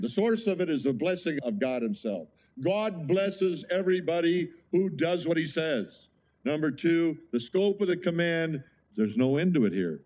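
A male pastor with a darkish voice on the high side preaches a sermon emphatically yet conversationally, often putting rhetorical questions to the congregation.

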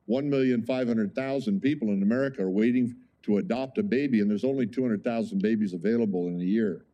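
A man's voice: fairly low pitch, quick pace, mellow, muffled recording. A male pastor preaching a sermon in an emphatic, conversational way, often asking the congregation rhetorical questions.

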